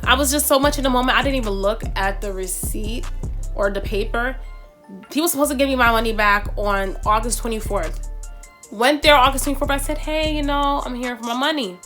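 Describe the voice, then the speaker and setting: A woman's voice: a little high, fairly quick, soft background music. A young woman telling a storytime vlog about buying her first car, acting out the people in it. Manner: animated, acts out quoted voices.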